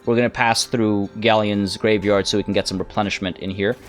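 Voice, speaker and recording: A man's voice: fairly low pitch, steady tone, fairly quick, soft background music. A man narrating his own strategy game, thinking aloud in a hesitant, musing way. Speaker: let's play host. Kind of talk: gameplay commentary.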